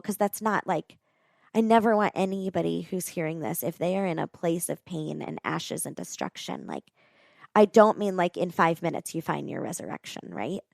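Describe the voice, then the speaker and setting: A woman tells a heartfelt story in an earnest, animated way, dropping casual fillers as she goes. Her voice sits low and carries a gravelly fry. The recording is dry and close. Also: no room sound. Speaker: podcast guest, nonprofit co-founder.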